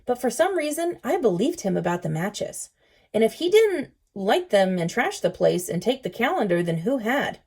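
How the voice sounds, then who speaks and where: Mellow-voiced teacher reading aloud. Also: female voice, a little high, sing-song, normal speed, husky. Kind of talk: reading a children's novel aloud.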